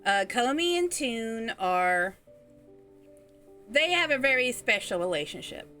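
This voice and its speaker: A woman's voice: on the high side, sing-song, unhurried, bright, forceful tone, faint music behind. A woman hosting a casual livestream chat, interviewing a guest, giggly and reading out chat messages. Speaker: streamer host interviewing a guest.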